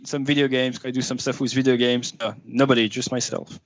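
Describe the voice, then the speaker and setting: A man with a French accent answers in a remote interview, modest and quick to laugh, repeating words as he goes. The sound is dry, with no room around it. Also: medium pitch, flat delivery, no room sound, dull audio. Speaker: guest pilot.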